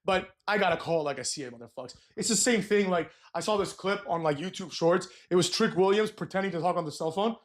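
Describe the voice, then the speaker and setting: A man's voice: high voice, fast, hardly any pauses. A man ranting about wrestling promos, blunt and profane, and he keeps tagging his points with "right?". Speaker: wrestling commentator. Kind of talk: opinionated rant.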